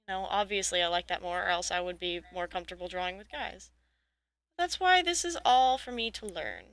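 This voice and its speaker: A woman in her twenties in casual chat, chatty and quick to chime in with jokes. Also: on the low side, animated, a bit bright, no room sound, low-quality recording. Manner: chatty, quick joking interjections.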